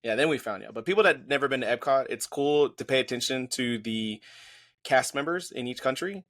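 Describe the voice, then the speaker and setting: A man's voice: mid-range voice, animated, brisk, fairly bright tone. Man co-host, laid-back and slangy, easy joking delivery. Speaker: podcast co-host. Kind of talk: casual chat.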